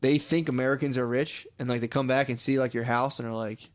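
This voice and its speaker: A man's voice: mid-range voice, fairly even intonation, fast talker. Crude rambling man telling travel stories. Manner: crude, rambling storytelling with put-on voices. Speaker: podcast co-host. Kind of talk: casual podcast chat.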